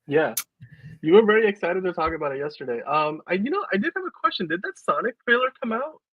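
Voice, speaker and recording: A man hosting a casual podcast, chatty and relaxed, with lots of fillers. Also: high-pitched, fast, husky. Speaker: show host. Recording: dry, slightly muffled.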